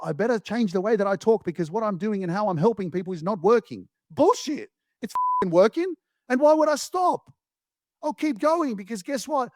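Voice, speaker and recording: A blunt, emphatic man hosts a motivational podcast and swears freely. His voice sits high for a man. The sound is dry and close, with no room around it. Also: no echo. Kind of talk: motivational monologue.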